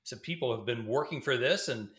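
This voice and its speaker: A middle-aged man who used to be a pastor tells a story casually, rambling with fillers and restarts and laughing between sentences. His voice is mid-range, a bit bright and a little fast, and the recording has a roomy echo.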